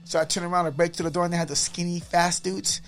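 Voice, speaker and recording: A man as a podcast guest telling a story in an animated, excitable way, often repeating his words. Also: sits high, quick pace, faint music behind.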